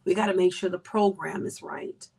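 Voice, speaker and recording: A woman hosting a podcast, talking earnestly and with emotion, sometimes dropping to a soft whisper. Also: on the low side, fairly even intonation, normal speed, vocal fry, husky. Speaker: podcast host. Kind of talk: candid personal reflection.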